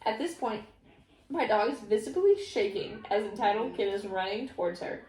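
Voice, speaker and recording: Woman, vlogger, casual story reading, animated, fairly high voice, roomy echo. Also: normal speed, faint music behind. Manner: animated, laughs often. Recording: echoey room.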